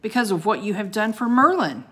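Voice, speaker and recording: A woman voicing a gruff, commanding old male ice wizard who bellows and growls. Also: mid-range voice, unhurried, pushed and bright.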